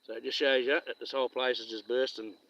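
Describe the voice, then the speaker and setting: A man's voice: medium pitch, flat delivery, fast talker, dull audio, a little hiss or hum. A man with a Western Australian accent chatting and telling stories on a live stream while fishing outdoors, rambling and chuckling as he goes. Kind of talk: casual live-stream chat.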